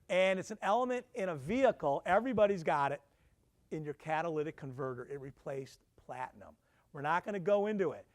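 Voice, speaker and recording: A man, a professor, giving a conversational lecture to alumni, peppering the room with questions and self-deprecating asides. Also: fairly high pitch. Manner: conversational, quizzing the audience with questions.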